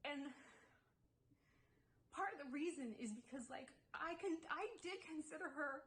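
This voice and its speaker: A woman's voice: sits high, expressive, unhurried, a bit bright, poor audio. Chatty young woman, lots of fillers. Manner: chatty, many "like" fillers, quotes others in dialogue. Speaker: YouTuber. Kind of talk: casual storytime vlog.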